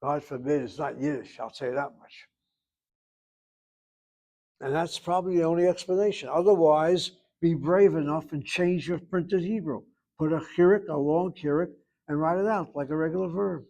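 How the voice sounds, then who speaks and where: A man's voice: on the high side, moderate pace, gravelly, mellow, poor audio. A man with an American accent giving a Hebrew grammar lesson in a blunt, emphatic classroom lecture style. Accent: American English. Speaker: Hebrew instructor.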